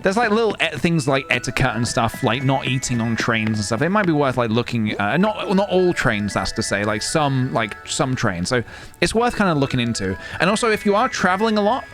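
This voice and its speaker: A man streaming a game and chatting casually, rambling with many pauses and restarts. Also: mid-range voice, big pitch swings. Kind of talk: casual gameplay stream chat. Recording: game music playing behind.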